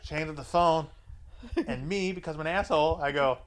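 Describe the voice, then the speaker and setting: A man's voice: a little high, a little fast. Crude, laughing male storyteller. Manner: crude, laughing anecdotes with quoted dialogue. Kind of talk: casual storytelling chat.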